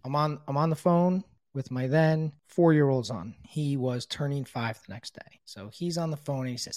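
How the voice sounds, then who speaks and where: A man's voice: on the high side, normal speed, no echo. Candid man telling his story, dry sound. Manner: candid, frequent swearing, quotes others in dialogue; grows quiet and subdued in emotional moments. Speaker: podcast guest telling his recovery story. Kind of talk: personal storytelling.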